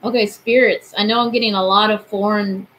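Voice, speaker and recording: Young woman in her twenties, casual streamer who talks to spirits, mid pitch, faint hiss. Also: fairly even intonation, brisk, a bit bright, rough recording. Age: 20s. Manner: chatty, asks spirits questions aloud. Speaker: paranormal streamer. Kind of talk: casual live-stream chat. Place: bedroom.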